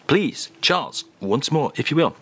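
A man's voice: a little high, sing-song, normal speed, a bit bright, slightly rough. A man presenting a comic radio show with playful, mock-grand patter.

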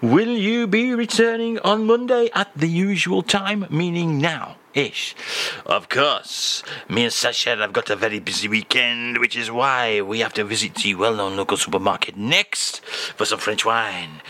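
Comic radio host, male, mock-grand and rambling, bright tone. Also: lowish voice. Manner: mock-pompous, rambling, deadpan.

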